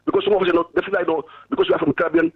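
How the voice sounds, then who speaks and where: A man's voice: sits high, level tone, rapid-fire, breathy edge, dry recording. A man from Africa calling in by phone, talking with force and repeating himself, stammering at times. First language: not English. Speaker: caller. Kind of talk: passionate call-in speech. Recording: dull lo-fi phone line.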